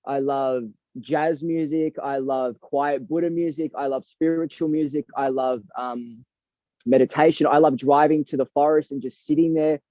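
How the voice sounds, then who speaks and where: A man talks earnestly and reflectively in an interview, leaning into his points with emphasis. His voice sits fairly high but sounds warm and mellow. The recording is dry and dull, with a lo-fi edge. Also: steady tone, moderate pace, no room sound. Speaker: boxing coach and guest.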